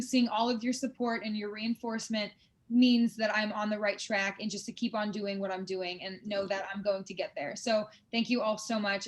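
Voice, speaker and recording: A young woman from the United States, a pageant contestant chatting earnestly and fast in a casual video-call interview, heavy on fillers. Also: a little high.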